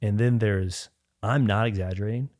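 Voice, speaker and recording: A man's voice: on the low side, normal speed, a little mellow, dry recording, clean studio sound. A man sharing a personal faith testimony as a podcast guest, rambling, with frequent restarts and filler words.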